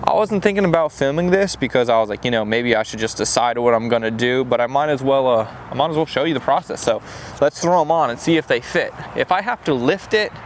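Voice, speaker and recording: A young man casually vlogging about a truck build, relaxed and peppered with "dude". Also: medium pitch, quick pace. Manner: laid-back, says "dude" a lot. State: out of breath. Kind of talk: casual shop vlog talk. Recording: noisy outdoor camera audio.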